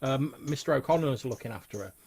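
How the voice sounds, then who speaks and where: A man doing a jittery frontier barkeep who stammers and dodges questions, his voice pitched up high and strained. It is gravelly and a little husky underneath. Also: animated, brisk, a little mellow. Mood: nervous. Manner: stammering, flustered, raised pitch. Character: nervous male saloon barkeep, stammering and evasive. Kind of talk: tabletop role-play character voice.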